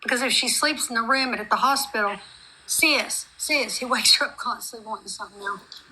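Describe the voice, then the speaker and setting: A woman's voice: fairly high pitch, a little fast, bright, forceful tone, slightly rough, low-quality recording. A middle-aged woman, chatting on a live stream call in a rambling, heartfelt, run-on way. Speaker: guest on a group live stream. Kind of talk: emotional casual chat.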